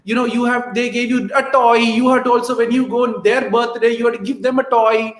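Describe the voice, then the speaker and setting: A man with a notably high voice coaches his listeners on a live online show. He talks emphatically and keeps asking "right?" to pull them along. The sound rings in an echoey room. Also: steady tone, fairly quick. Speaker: host and life coach.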